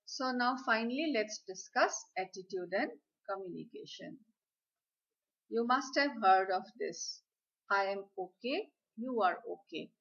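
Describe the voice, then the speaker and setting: Female lecturer, unhurried instructive delivery, muffled lo-fi recording. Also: mid-range voice, animated, fairly bright tone. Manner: slow, deliberate, instructive. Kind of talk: slide lecture on communication skills. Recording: slightly dull, lo-fi audio.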